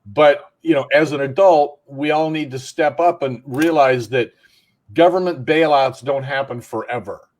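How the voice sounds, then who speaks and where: A man's voice: mid-range voice, moderate pace, darkish tone. A man co-hosting a talk show, making blunt points with everyday analogies. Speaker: co-host. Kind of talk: casual talk show discussion.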